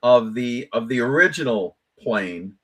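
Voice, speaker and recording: A man co-hosting a casual live-stream chat, animated and jokey, often repeating his words. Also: mid-range voice, a little slow, slightly rough. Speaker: co-host.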